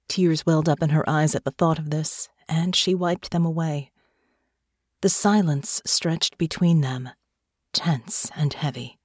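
A woman reading an audiobook in a measured, even storytelling voice. Her pitch sits low for a woman, and the recording is dry and close with no room sound. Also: dry recording. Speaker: audiobook narrator. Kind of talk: scripted audiobook narration.

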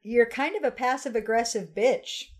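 Woman, American, tipsy podcast co-host, slightly high voice, laughs a lot, swears, playful chatter. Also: normal speed. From United States. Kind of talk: casual tipsy chat.

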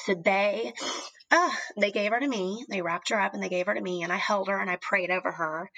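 A woman in her thirties telling a deeply personal story, at times tearful, halting with ums and restarts. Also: bright, forceful tone, rough recording. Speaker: guest sharing a personal story.

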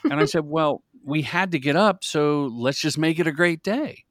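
Middle-aged male guest, animated and upbeat, dry sound. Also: on the high side, moderate pace, no echo. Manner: energetic, animated storyteller. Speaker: guest, commercial director. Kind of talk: casual interview storytelling.

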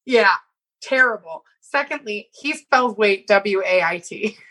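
A woman's voice: mid-range voice, expressive, unhurried, sharp tone, husky, rough recording. A woman in her thirties, co-hosting a casual chat, retelling a story about messages with lots of laughter and fillers. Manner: giggly, reads messages aloud with frequent fillers.

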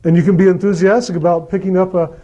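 A man giving a gentle, repetitive spiritual talk about meditation and enthusiasm. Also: high-pitched, flat delivery, fast. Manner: gentle, repetitive, acts out quoted lines with mock enthusiasm. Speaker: spiritual speaker.

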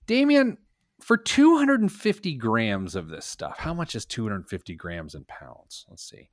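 This medium-pitched man speaks a little slowly as he hosts a personal finance program, joking around with his co-host. He's animated and reads the news with playful emphasis in casual radio banter, captured in a dry, studio-quality recording.

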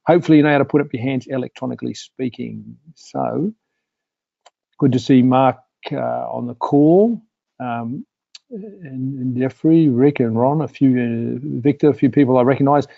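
A man's voice: medium pitch, moderate pace, gravelly, dry recording, phone-quality sound. A man hosting a webinar, talking in a rambling way with many "uh" and "um" fillers. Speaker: host. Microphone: video call.

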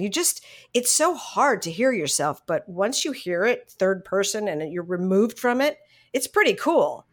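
A middle-aged woman recounting her voice work in a relaxed interview. Her pitch sits mid-range for a woman but she swings it a lot as she gets excited, and she laughs easily and trips over her own sentence starts. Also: moderate pace. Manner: animated, laughs often, restarts sentences. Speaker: voice actress guest. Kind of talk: casual interview storytelling.

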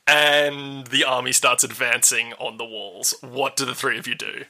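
A man narrating a tabletop game as dungeon master and podcast host, relaxed and chatty with fillers. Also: medium pitch, normal speed, vocal fry, few pauses.

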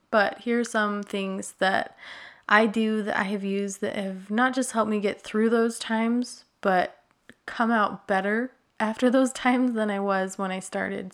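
A woman in her thirties with a mid-pitched voice co-hosts a casual podcast. She is upbeat and chatty and laughs easily as she talks. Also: creaky. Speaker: podcast co-host and food blogger.

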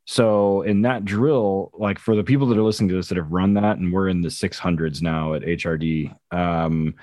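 Man, police dog trainer, rough profane storyteller, lower pitch, dry. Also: normal speed, darkish tone, no echo. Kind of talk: casual podcast chat.

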